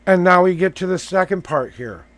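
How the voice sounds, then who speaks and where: A man's voice: sits high, lively intonation, normal speed, fairly bright tone. A man hosting a live tarot reading, coaching the person he reads for with emphatic, repeated affirmations.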